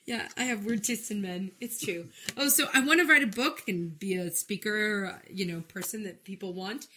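A woman's voice: medium pitch, moderate pace, sharp tone. A woman co-hosting a casual podcast, teasing the others and laughing often. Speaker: podcast co-host.

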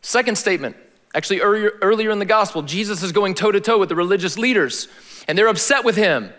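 A man giving a sermon as a pastor, in a casual, slangy style with animated emphasis. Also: high voice, fast talker, long reverb tail.

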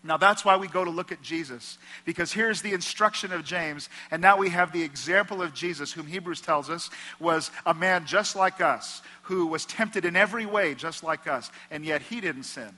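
A man with a bright, forceful voice preaching in a church sanctuary, his words ringing through a long hall reverb. He delivers the sermon with passion, dropping down low and quiet whenever he quotes someone. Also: moderate pace, few pauses. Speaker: pastor.

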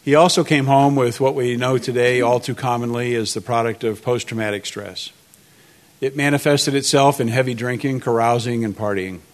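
A man in his sixties speaks with earnest, measured care, pausing on small fillers as he shares his testimony. His voice sits in an ordinary middle register. He sounds like he is addressing a gathered church audience. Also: medium pitch. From United States. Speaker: speaker at a church marriage event. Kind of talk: testimony and prayer.

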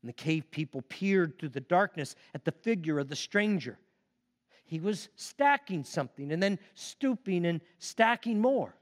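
Slow, expressive male preacher. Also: high-pitched. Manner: expressive, emphatic. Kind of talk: sermon with dramatic storytelling.

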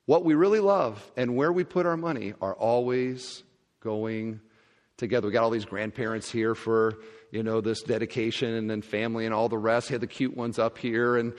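A pastor giving a sermon, telling stories in a lively way and acting out the scenes. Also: male voice, mid-range voice, moderate pace. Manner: animated storytelling, acting out scenes. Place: large church hall. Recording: long reverb of a church hall.

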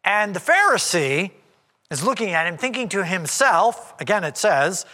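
A male pastor preaching a conversational sermon, animated and acting out the voices in the story. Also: high voice, moderate pace, in a large hall. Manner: animated and conversational, acts out quoted speech.

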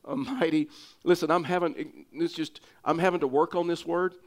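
A man preaching with a Texas accent, his voice sitting somewhat high for a man. He talks earnestly and keeps circling back, repeating and restarting phrases to drive a point home. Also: steady tone, moderate pace. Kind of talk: sermon.

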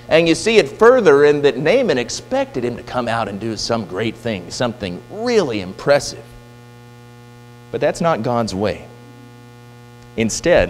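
Animated male preacher in reverberant hall. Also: mid-range voice. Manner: animated storytelling, voicing quoted figures. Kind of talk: sermon retelling a Bible story. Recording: distant reverberant hall with faint hum.

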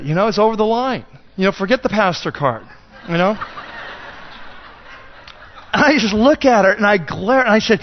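A man's voice: high-pitched, expressive, normal speed, pauses often. A male pastor telling a self-deprecating story in a rambling, conversational sermon. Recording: dull lo-fi sound.

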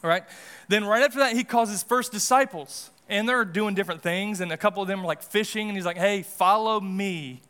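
A man's voice: sits high, quick pace, sharp tone, smooth. A man pastor giving a casual, conversational sermon in a church, with frequent restarts and asides. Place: church sanctuary.

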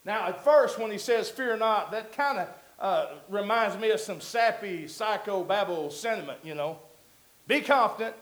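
A man with a very high voice preaches a sermon. He talks to the congregation in a conversational way, then climbs to loud, emphatic peaks. His voice rings through an echoey church hall. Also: normal speed.

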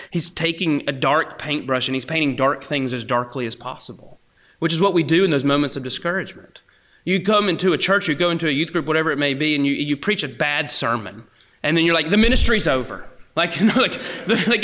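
Male preacher, sermon, slightly raised pitch, animated and then whispering. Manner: animated, swings between loud emphasis and hushed whispers. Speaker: campus minister.

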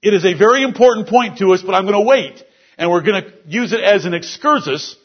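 High-voiced husky male preacher. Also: dull audio. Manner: explains scripture word by word. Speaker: pastor. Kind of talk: expository sermon. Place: church service.

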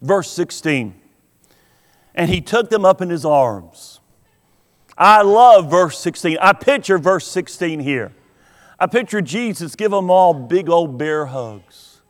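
High-voiced preaching pastor in echoing hall. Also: male voice, animated. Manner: earnest preaching, drawn-out emphatic words. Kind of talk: sermon. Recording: long hall reverb.

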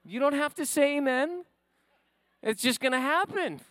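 A high-pitched male pastor telling a personal story from the pulpit and rising to fervent, emphatic preaching. The sound is dry and close. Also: animated, normal speed, fairly bright tone, dry recording.

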